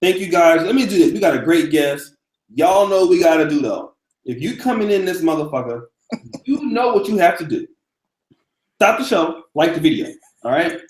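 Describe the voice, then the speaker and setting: A man's voice: on the high side, expressive, normal speed, a little mellow, roomy sound, rough recording. A man hosting a live stream in a loose, profane, casual way, hyping up his audience. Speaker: livestream host.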